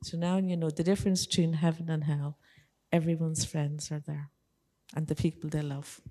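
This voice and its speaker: A woman tells a children's story during a church service, gentle and animated. Her voice is low and mellow, and a long reverb hangs in the large church around her. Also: normal speed.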